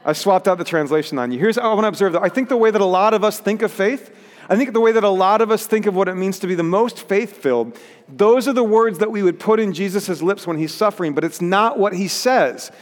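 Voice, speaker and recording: A man's voice: high-pitched, fast, in a large hall. A pastor preaching a sermon in an earnest way, rising to emphatic peaks as he reads scripture.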